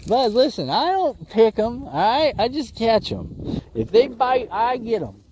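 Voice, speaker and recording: A man's voice: very high-pitched, sing-song, a little slow, darkish tone. A man hosting a fishing livestream from a windy lake, chatting casually and joking with his viewers, laughing often.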